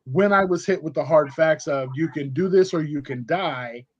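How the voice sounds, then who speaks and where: A man's voice: a little high, normal speed, breathy edge. A man in his forties, a podcast guest telling his story in a frank, emphatic, conversational way. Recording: dull lo-fi audio with faint noise.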